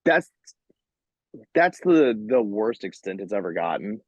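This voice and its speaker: A man who sings in a metal band, guesting on a podcast in casual chat. He tells animated stories, swears freely and laughs often. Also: on the low side, measured pace, no echo. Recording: dull lo-fi, dry podcast audio.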